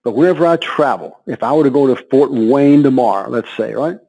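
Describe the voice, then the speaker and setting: Older man telling lively stories. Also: mid-range voice, fairly quick, low-quality recording. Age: 70s. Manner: lively anecdotes, frequent laughter and word repetition. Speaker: interview guest. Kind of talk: conversational storytelling.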